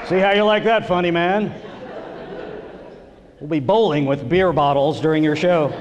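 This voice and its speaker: A middle-aged man performing a stand-up comedy set on stage, telling stories and acting out voices with big jumps in pitch. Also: slow pace, highs cut off, crowd noise, background noise. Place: theater stage before a live audience. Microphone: stage microphone. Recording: live theater recording with long reverb.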